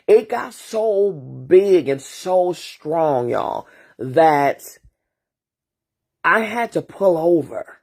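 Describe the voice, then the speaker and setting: Female host, low husky voice, unhurried earnest storytelling with casual slang and repetition. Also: lively intonation, a little mellow. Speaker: host and therapist. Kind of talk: emotional storytelling monologue.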